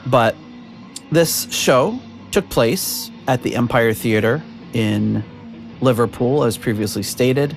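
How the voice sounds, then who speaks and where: A man's voice: mid-range voice, takes it slowly, vocal fry, soft background music. A man hosting a podcast in casual chat over a video call, rambling with lots of fillers and frequent laughs. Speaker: podcast host.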